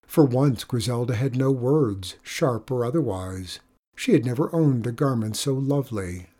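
A storyteller reads a folk tale aloud with measured, expressive pacing. The voice is husky and sits at a middling pitch. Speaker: narrator. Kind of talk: storybook narration.

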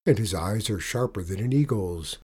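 Man doing a wise old dragon, mellow and unhurried, knowing and a little teasing. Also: fairly low pitch, husky. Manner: calm, knowing and sly.

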